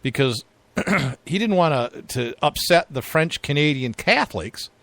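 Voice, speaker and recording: A man's voice: on the high side, lively intonation, measured pace, fairly bright tone, no echo. A man co-hosting a casual political chat show, rambling with fillers and frequent asides. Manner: rambling, chuckling, filler-heavy. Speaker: podcast co-host.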